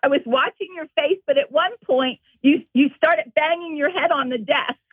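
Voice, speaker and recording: A woman with a slightly high voice tells stories with lively energy and laughs along the way. Her voice comes through a tinny, phone-like line. The sound is dry. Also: moderate pace, no echo. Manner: animated, laughing, acts out quotes. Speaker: guest, former colleague. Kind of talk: casual storytelling.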